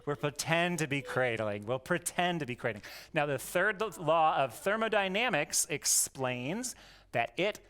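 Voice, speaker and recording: A man runs a homeschool lesson for his young daughters in a jokey, coaxing way. His voice is smooth and clear. He talks at a slow, easy pace. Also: on the high side, expressive, a bit bright. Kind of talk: playful lesson for young children.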